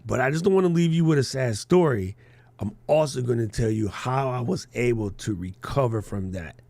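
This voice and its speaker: A man hosting a live podcast workshop, animated and joking, laughing as he explains. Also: medium pitch, moderate pace, no room sound. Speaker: podcast coaching host.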